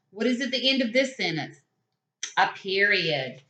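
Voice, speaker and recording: A woman teaching young children, reading aloud slowly and asking questions with encouraging, sing-song praise. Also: on the high side, expressive, pushed and bright, roomy sound.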